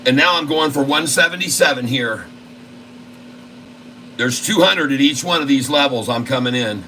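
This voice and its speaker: Male trading host, live commentary, folksy and excitable, bright sharp tone. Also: medium pitch, normal speed, a little hiss or hum, poor audio. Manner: folksy and excitable, keeps addressing the viewers. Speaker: stock trading channel host.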